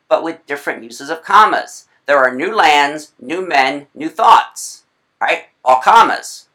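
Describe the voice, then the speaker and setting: A writing instructor giving a recorded video lecture, chatty, with playful asides and quick self-corrections. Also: mid-range voice, sharp tone.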